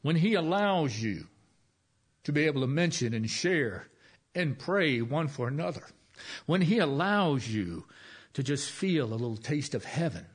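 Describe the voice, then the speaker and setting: A middle-aged male pastor giving a folksy, conversational sermon, slowing down with soft emphasis and long pauses. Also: fairly high pitch, big pitch swings, slightly rough.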